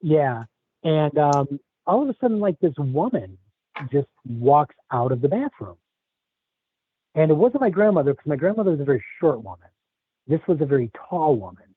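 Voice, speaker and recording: Man from the Chicago area, halting storyteller, phone-line sound, dry. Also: a little high, sing-song, husky, dry recording. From Chicago area, USA. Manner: halting, with many restarts. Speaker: guest telling a personal story. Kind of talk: casual storytelling.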